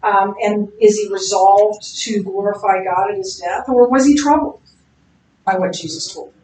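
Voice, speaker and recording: A woman's voice: mid-range voice, normal speed, darkish tone. Woman, Bible class lecture, casual teaching with fillers, distant mic. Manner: conversational, with many fillers and restarts. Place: classroom or church room. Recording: roomy, from off-mic, faint background hum.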